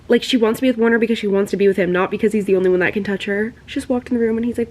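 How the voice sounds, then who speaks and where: A young woman in her twenties reading a novel aloud and reacting excitedly, swearing and gushing as she goes. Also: medium pitch, very fast, few pauses. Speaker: book vlogger. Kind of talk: casual reading vlog.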